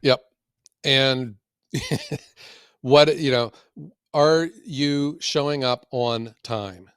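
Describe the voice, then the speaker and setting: A man co-hosting a casual podcast, telling stories in a folksy, animated way. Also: medium pitch, extremely slow, clear, resonant tone, dry recording, clean studio sound. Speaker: podcast co-host and firewood seller.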